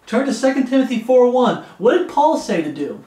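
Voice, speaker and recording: In a room with a noticeable echo, a man delivers an expository Bible sermon, reading scripture aloud and repeating his warnings again and again. His voice is high and emphatic, sing-song, somewhat fast, and mellow.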